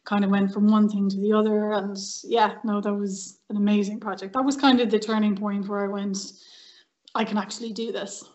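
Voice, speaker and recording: Brisk and mid-range, with lo-fi sound, an Irish podcast guest recounts stories in a casual conversation. She's an actress and violinist who livens things up by performing the dialogue.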